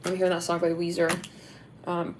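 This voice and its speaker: A woman's voice: lowish voice, monotone, fairly quick, slight background noise. A woman giving a casual intuitive tarot reading. She rambles in a chatty way, swears freely, laughs often, and argues with the messages she says she is hearing. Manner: breaks into laughter, talks back to the messages she hears. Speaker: tarot reader.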